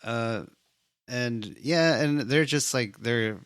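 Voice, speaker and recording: A man's voice: mid-range voice, slow, a bit bright, clear, resonant tone, no echo, clean studio sound. A man casually recapping a film, laid-back and swearing freely. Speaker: movie reviewer. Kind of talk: casual chat.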